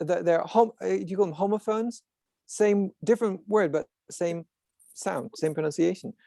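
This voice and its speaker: This is casual explanatory talk from a man hosting an online discussion group via video call, lecturing like a professor with frequent restarts and asides. He has a high, mellow voice with vocal fry and a moderate pace. The sound is studio quality and dry.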